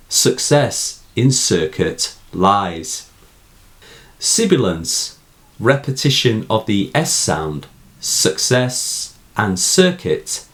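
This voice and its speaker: A man with a British accent, giving a scripted, deliberate analysis of a poem as a teacher. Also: fairly low pitch. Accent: British English. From England. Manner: slow, deliberate, emphatic reading. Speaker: poetry teacher.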